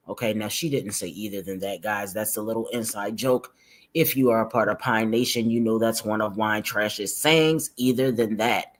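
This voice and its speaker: Chatty livestream host, mid pitch, slangy, keeps saying y'all to chat. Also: steady tone, normal speed. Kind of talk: casual reaction livestream.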